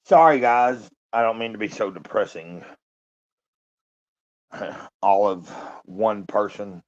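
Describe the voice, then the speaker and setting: A man in his fifties talking alone on a live stream, downcast and halting, sighing and swearing often. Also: lowish voice. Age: 50s. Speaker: livestreamer. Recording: muffled lo-fi stream audio.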